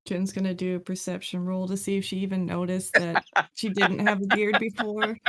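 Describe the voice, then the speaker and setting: A woman's voice: mid-range voice, flat delivery, normal speed, dry recording, clean studio sound. A woman playing a tabletop game, speaking thoughtfully and hesitantly. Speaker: player. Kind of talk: casual tabletop role-play chat.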